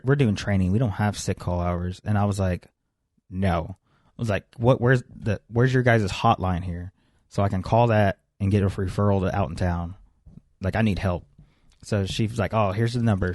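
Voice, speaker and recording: A young man tells a story in a relaxed podcast chat, swearing freely. His voice sits a little low and sounds dark and mellow. The room sounds dry. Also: dry recording. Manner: profane, animated storyteller. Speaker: podcast co-host.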